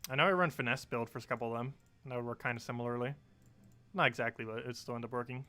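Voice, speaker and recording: A man in his twenties from New Jersey, talking fast and casually as he streams a game. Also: mid-range voice, fairly even intonation, sharp tone, smooth. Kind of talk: casual live-stream commentary.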